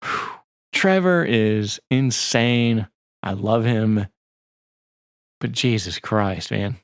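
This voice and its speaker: Gravelly, rambling podcast guy. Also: on the low side, drawn-out words, no room sound, clean studio sound. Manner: rambling, profane, reads screen text aloud. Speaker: podcast co-host. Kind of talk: casual chat.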